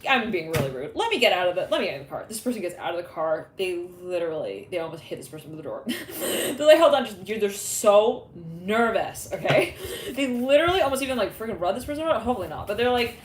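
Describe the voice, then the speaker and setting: A woman's voice: medium pitch, sing-song, rapid-fire, hardly any pauses, reverberant, slight background noise. A woman giving a casual tarot reading, rambling and laughing often as she acts out imagined conversations. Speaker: tarot reader.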